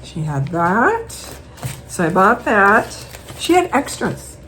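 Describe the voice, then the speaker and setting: Woman, host, rambling chat, lively up-and-down pitch, faint background hiss. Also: slow pace, rough recording. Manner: chatty, rambling, animated storytelling. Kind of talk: casual chat, showing purchases.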